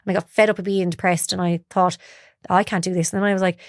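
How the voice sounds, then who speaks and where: Fast and low-pitched with little pitch movement, this young woman's voice comes through clean studio sound with no room noise. Speaking candidly as a podcast interview guest, she tells her story and acts out others' words to her.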